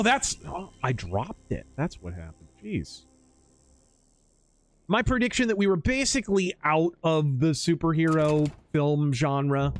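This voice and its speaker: A man streaming a video game, chatting casually with blunt, sarcastic opinions. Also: mid-range voice. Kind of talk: casual live-stream chat while gaming.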